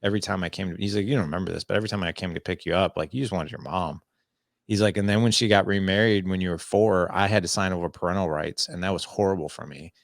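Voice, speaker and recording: A man's voice: sits low, quick pace, creaky, no room sound, clean studio sound. A man in his forties, a podcast guest telling his story candidly and earnestly, often reenacting conversations. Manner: earnest, animated storytelling with frequent "I was like" quotes.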